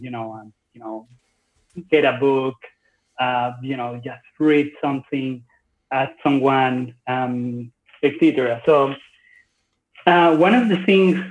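A man in his forties from Venezuela, a podcast guest speaking slowly and hesitantly with many fillers. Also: medium pitch. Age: 40s. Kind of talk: casual interview conversation. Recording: dull lo-fi recording.

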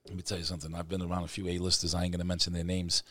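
A man's voice: low voice, completely flat delivery, pushed and bright, no echo. A man hosting a casual podcast, giving reflective advice in a laid-back street manner and often saying "man". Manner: fast, reflective street talk, says "man" a lot. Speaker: podcast host.

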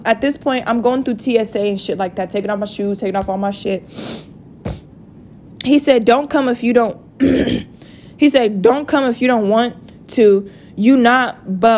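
A young woman telling a story to her viewers in a casual rant, profane and animated. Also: a little high. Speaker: vlogger.

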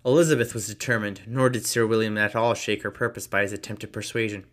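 A man reading a classic novel aloud, briskly, with casual asides. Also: on the low side, fairly even intonation, fairly bright tone. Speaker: reader.

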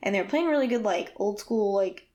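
A woman in casual conversation, rambling through a story with many fillers and animated quotes. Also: medium pitch, brisk, highs cut off. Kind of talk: casual chat.

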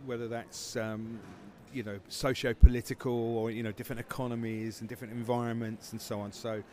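A man's voice: mid-range voice, little pitch movement, a little fast. Man, film festival founder, rambling, lots of fillers, faint noise behind. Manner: rambling, many fillers and restarts. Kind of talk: casual interview answers.

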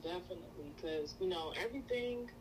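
Woman guest, lowish voice, slow and thoughtful, lots of you knows, hissy noisy recording. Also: animated. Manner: hesitant, thoughtful, many fillers. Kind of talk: casual faith chat.

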